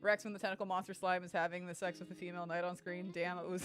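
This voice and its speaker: A woman's voice: lowish voice, level tone, quick pace, fairly bright tone, soft background music. A woman streamer chatting casually with her live viewers, candid and chatty, laughing often. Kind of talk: casual chat with live viewers while gaming.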